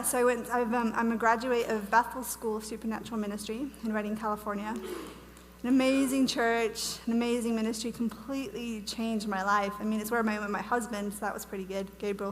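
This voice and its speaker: A young woman from Wales with an American accent speaks at a church conference in a bubbly, chatty way, full of restarts. Her voice sits a little high and carries a long reverb from the hall, with a faint hum beneath it. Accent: American, lost her Welsh accent. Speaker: guest speaker. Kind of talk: casual testimony talk at a conference.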